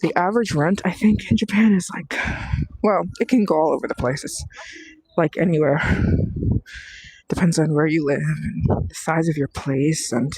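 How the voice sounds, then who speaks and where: A woman's voice: low voice, moderate pace, a little mellow, slightly rough, rough recording. A woman vlogger chatting casually on a phone livestream as she walks outdoors, rambling and sometimes dropping to a whisper. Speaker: travel vlogger. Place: outdoors on city streets and temple grounds. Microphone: handheld phone.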